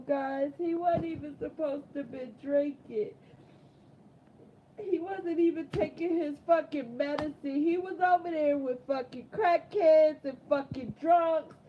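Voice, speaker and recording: A woman vlogger telling a painful personal story in a raw, halting way, often repeating herself. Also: sits high, steady tone, dark tone. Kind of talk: emotional confessional storytelling. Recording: muffled lo-fi with faint background noise.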